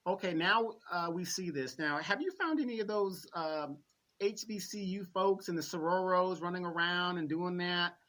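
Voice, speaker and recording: A man's voice: high-pitched, normal speed, a bit bright. A man co-hosting a political commentary chat, laid-back and agreeable, drawing out his points. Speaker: co-host.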